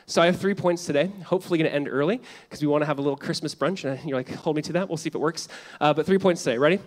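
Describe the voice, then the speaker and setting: A man preaching a sermon as pastor, animated and conversational, switching between loud emphatic lines and hushed ones, with casual fillers and wry asides. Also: fairly high pitch, rapid-fire.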